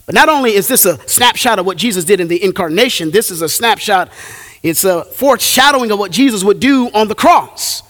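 Animated high-voiced male preacher. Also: big-room sound. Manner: animated preaching, drawn-out emphatic phrases. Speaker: pastor. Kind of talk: sermon.

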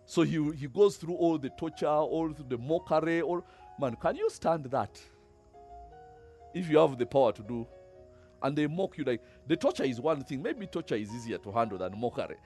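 A man's voice: a little high, lively intonation, moderate pace, warm tone, faint music behind. A man preaching a conversational sermon, asking the congregation rhetorical questions and laughing between points. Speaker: pastor.

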